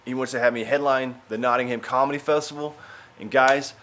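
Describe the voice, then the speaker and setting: A man in his forties from Arkansas, a stand-up comedian telling travel stories in a casual vlog, animated and profane. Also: mid-range voice, brisk. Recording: noisy ambient background.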